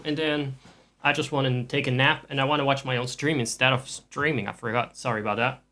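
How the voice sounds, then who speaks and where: A man's voice: medium pitch, brisk, pushed and bright. A man streaming live and chatting casually with viewers, rambling with dry jokes and frequent restarts.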